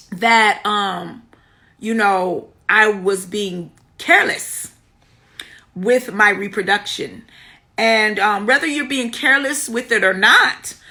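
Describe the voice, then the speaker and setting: A woman's voice: medium pitch, bright, forceful tone. A middle-aged woman earnestly telling her own story on a live stream, greeting viewers by name and repeating key words for emphasis. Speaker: womb healing teacher. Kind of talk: live stream testimony and teaching.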